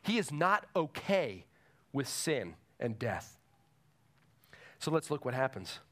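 A man's voice: mid-range voice, big pitch swings, takes it slowly, fairly bright tone. A man preaching a sermon to a congregation in a church, emphatic and repeating his key phrases. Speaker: pastor.

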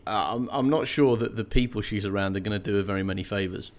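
A man co-hosting a casual book discussion podcast, animated, swearing playfully and laughing often. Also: on the low side, quick pace, hardly any pauses. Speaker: podcast co-host.

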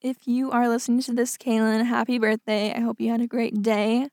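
A woman's voice: on the high side, flat delivery, a little fast, darkish tone, dry recording, studio quality. A young woman hosting a casual podcast, reading out listener stories and chatting about them, often saying "like". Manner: chatty, says "like" often, laughs things off. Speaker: podcast host.

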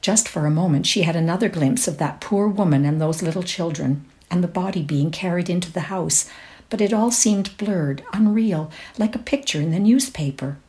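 A woman reads a classic short story aloud in a measured, expressive manner. Her voice sits low for a woman. She leans into the descriptive passages. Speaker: reader. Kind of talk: dramatic reading of a short story.

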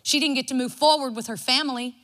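A woman's voice: high voice, fairly even intonation, quick pace, a bit bright. A woman, preaching a devotional sermon in a folksy storytelling way. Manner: folksy and storytelling, acts out her own quotes.

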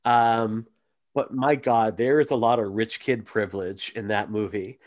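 A man's voice: on the low side, fairly even intonation, measured pace. A man hosting a podcast, chatting casually with many fillers and asides. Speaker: podcast host. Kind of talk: casual chat.

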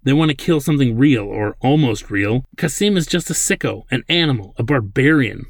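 A man's voice: medium pitch, lively intonation, brisk, dry recording, studio quality. A man voicing a nervous young male street programmer who talks in an eager, defensive way. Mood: scornful.

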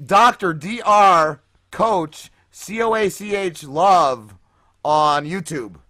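A man co-hosting a podcast in casual, crude banter, swearing often and getting excited. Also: high voice, takes it slowly. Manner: profane, excitable, swears a lot. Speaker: podcast co-host.

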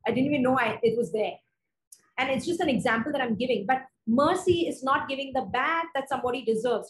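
Polish: kobieta o wysokim głosie z indyjskim akcentem, pogłos w sali. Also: female voice, high voice, reverberant, a little hiss or hum, low-quality recording. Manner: earnest, conversational, reads scripture slowly and deliberately. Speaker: preacher. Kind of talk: sermon with scripture reading.

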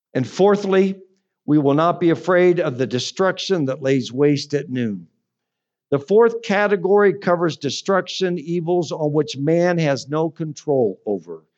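A male pastor preaching and telling stories with sudden loud bursts and quiet drops. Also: on the high side. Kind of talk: sermon. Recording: dull lo-fi recording.

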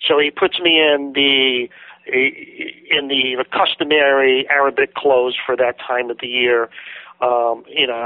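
A man's voice: mid-range voice, slow pace, no room sound. A man, a guest author, telling a long story in an interview, acting out the words of the people in it. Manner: lively storyteller, voices other people's words. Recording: tinny dry phone line.

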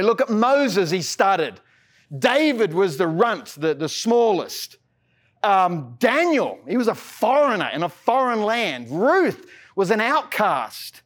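A man's voice: sits high, very animated, takes it slowly. An Australian man preaching a sermon as a pastor, earnest and casual, often repeating words as he starts a phrase. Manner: mixes in casual slang.

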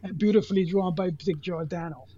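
A man's voice: high-pitched, brisk, muffled recording, crowd noise. A man co-hosting a podcast, loosely retelling a story in casual chat and leaning on "you know" fillers. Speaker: podcast co-host.

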